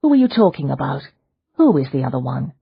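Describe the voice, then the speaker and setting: A woman reading an audiobook voices a calm, determined young Victorian heroine who speaks gently but firmly. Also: very deep voice, a little fast, gravelly, husky, dull audio, full character voice. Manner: gentle but firm, soothing. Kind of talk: audiobook character voice.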